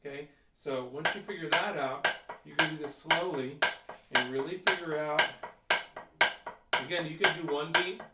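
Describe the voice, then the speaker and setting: A man with a somewhat high voice coaches a drum lesson, counting off beats and calling out stickings. He sounds distant from the mic, in an echoey room, and loud drumming fills the background. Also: normal speed, pauses often, heavy background noise. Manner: counts aloud and calls stickings. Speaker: percussion teacher.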